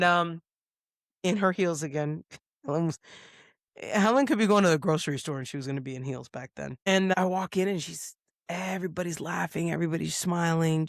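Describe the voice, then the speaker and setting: A woman co-hosting a podcast, telling a casual story with lots of swearing and quick impressions of other people's voices. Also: deep voice, no echo, studio quality. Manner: profane, lively, acts out others' lines. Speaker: podcast co-host. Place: podcast studio.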